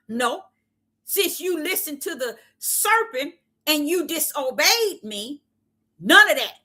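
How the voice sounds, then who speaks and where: A woman preaches an impassioned Bible teaching in a fairly high, bright, forceful voice. She drives each point home with repetition and pointed rhetorical questions, in a steady preacher's cadence. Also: measured pace. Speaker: self-styled prophetess preaching.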